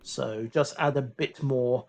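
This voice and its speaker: A man giving live esports game commentary, explaining tactics calmly with dry jokes. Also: mid-range voice, slow, creaky. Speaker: esports caster.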